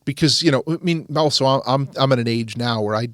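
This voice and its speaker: A man hosting a podcast, telling a story in a lively, rambling way with quick restarts. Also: medium pitch, dry recording, clean studio sound. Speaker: podcast host. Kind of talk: casual storytelling chat.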